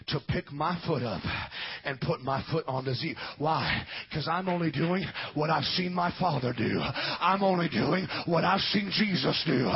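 A male pastor shouts a revival sermon in a high, strained register, driving home repeated phrases. His voice is raw and husky throughout. The muffled lo-fi recording softens the top end. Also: lively intonation, unhurried.

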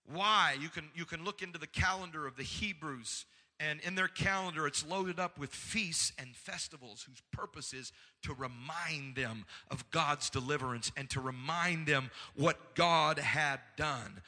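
A male preacher with a high, piercing, brilliant voice delivers a sermon in a church sanctuary. He moves from conversational asides to fervent exhortation, calling on the congregation for amens. His voice carries a long reverb from the hall. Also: bright, forceful tone.

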